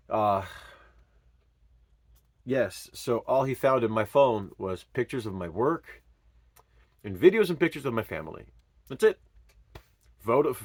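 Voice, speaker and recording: A man's voice: mid-range voice, no echo. Earnest man telling his own story. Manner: earnest and emotional, swinging from loud pleading to hushed murmurs. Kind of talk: personal storytelling monologue.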